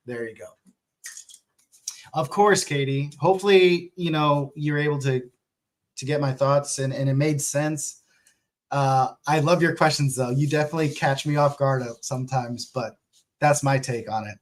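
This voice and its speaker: A man, an author, talking casually and candidly to viewers, animated and swearing freely. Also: a little high, normal speed. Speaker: author answering viewer questions. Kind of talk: casual vlog talk.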